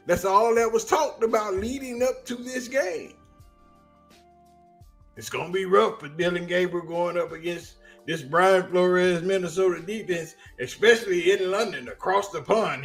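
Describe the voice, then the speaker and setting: A man whose voice sits high narrates sports on a livestream in a casual, animated way, using Southern US speech, slang and plenty of storytelling.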